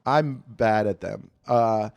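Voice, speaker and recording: A man's voice: lowish voice, slow pace, vocal fry, darkish tone, no room sound, highs cut off. A young man co-hosting a comedy podcast, rambling and joking, swearing freely into a studio mic. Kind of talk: casual chat. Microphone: studio mic with headphones.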